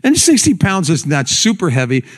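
A man preaching a sermon to a congregation. He tells a folksy story, then slows and drops low and quiet for the solemn points. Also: huge pitch swings. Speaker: pastor.

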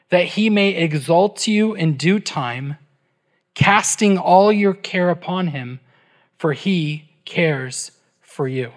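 A middle-aged man preaching a sermon as pastor, emphatic, asking his listeners rhetorical questions and checking in with "right?". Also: on the high side.

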